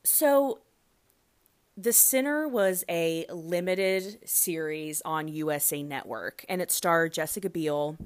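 A woman in her thirties hosting a solo podcast in a casual, rambling way, full of fillers and self-corrections, with sudden loud excited bursts. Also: low-pitched. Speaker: podcast host.

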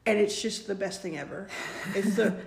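A woman's voice: medium pitch, moderate pace, vocal fry. Chatty woman in her forties, roomy sound. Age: 40s. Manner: chatty, playful, laughs often. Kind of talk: casual chat. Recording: roomy echo.

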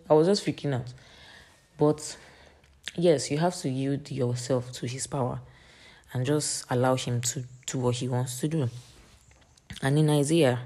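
A woman in her late teens hosts a faith encouragement podcast, speaking earnestly in a rambling monologue packed with fillers. Her voice rumbles low with a dark tone.

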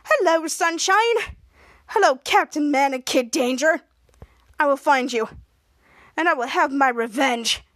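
A woman doing a shrill childish toddler villain. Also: expressive, normal speed, sharp tone, dry recording, studio quality, full character voice. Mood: triumphant. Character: childish vengeful male supervillain toddler.

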